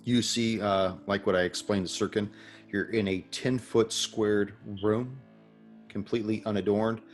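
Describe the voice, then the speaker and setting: Low-voiced male game master. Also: fairly even intonation, measured pace, soft background music. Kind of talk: narrating a tabletop game.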